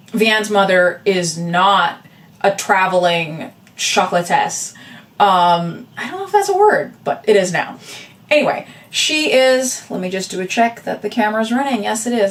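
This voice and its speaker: Rambling casually to camera with many fillers and tangents, a woman vlogger and artist speaks in a voice on the low side. She sounds distant from the mic, recorded on a camera with a separate audio backup.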